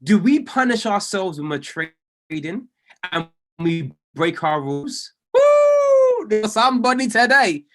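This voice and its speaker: A man, coaching a group on trading in an animated, preacher-like way with lots of emphasis and repetition. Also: high voice, a little slow. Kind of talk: motivational talk to a group.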